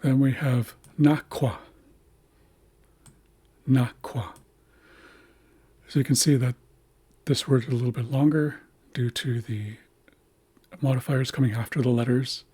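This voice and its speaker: A man teaching a language's writing system, slowly explaining letters and repeating words to model their pronunciation. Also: medium pitch, fairly even intonation, warm tone, slightly rough, dry recording.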